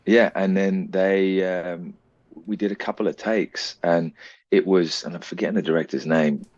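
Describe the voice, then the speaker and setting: A British actor talking as an interview guest, explaining his craft at length in a relaxed, reflective way. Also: low voice, moderate pace, no echo, highs cut off. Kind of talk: casual interview chat.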